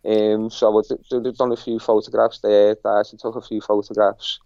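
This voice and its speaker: A man's voice: fairly low pitch, little pitch movement, normal speed, creaky, dark tone, no echo. Rambling Liverpudlian man telling a story. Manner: rambling, chatty, repeats himself. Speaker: interview guest. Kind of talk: casual storytelling interview. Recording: dull lo-fi sound.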